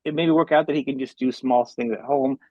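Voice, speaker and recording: A man hosting a casual interview podcast, talking rapidly with many repeated restarts. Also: medium pitch, steady tone, a little mellow, no echo, lo-fi sound. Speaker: podcast host.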